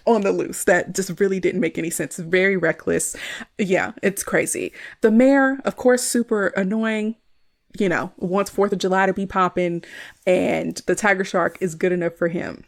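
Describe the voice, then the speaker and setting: A woman's voice: fairly low pitch, steady tone, moderate pace, vocal fry. A woman hosting a podcast, chatting casually about a movie, with a lot of "like" and frequent laughs. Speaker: podcast host. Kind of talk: casual movie review chat.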